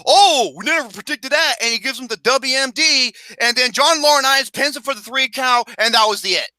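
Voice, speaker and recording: A man hosting a casual ranking chat, ranting with plenty of profanity in an animated, exasperated way. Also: very high-pitched, brisk, no echo. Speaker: podcast host.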